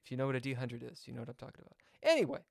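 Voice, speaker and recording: A man's voice: medium pitch, big pitch swings, very fast, gravelly, no echo, studio quality. A man chatting casually on a live chess stream, reading viewer comments aloud and jumping from topic to topic. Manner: chatty, jumps between topics, reads chat aloud.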